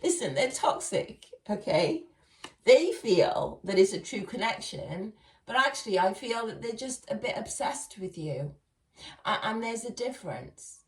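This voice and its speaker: She reads tarot in a slightly high, sing-song voice at a measured pace, keeping it chatty and laughing often with her viewers. The recording is echoey, with the mic far off.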